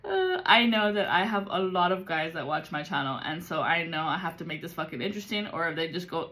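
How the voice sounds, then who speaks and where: A woman's voice: lowish voice, sing-song, a little fast, few pauses, bright, forceful tone. A woman giving a casual spiritual reading, blunt and full of profanity and street slang. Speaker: psychic reader.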